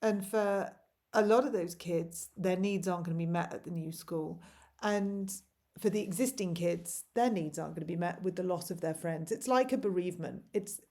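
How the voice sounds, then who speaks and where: A woman in her forties, a parent vlogger, speaks to camera at normal speed in a lowish, darkish voice. Her monologue is impassioned and pleading, packed with rhetorical questions.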